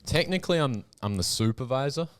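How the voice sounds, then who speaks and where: A man's voice: medium pitch, lively intonation, fairly quick. A man, the show's producer, joking in a dry way during casual chat. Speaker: podcast producer, guest.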